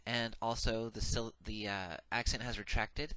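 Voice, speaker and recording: A man's voice: lowish voice, steady tone, a little slow, bright, forceful tone, dry recording. A man giving a recorded grammar lecture, methodical and patient, saying each form twice with frequent "uh" fillers. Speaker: Hebrew grammar teacher.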